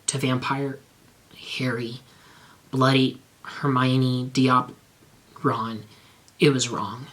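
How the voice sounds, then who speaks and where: A man reading the lines of a brooding young gothic heroine in a soft, subdued way. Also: mid-range voice.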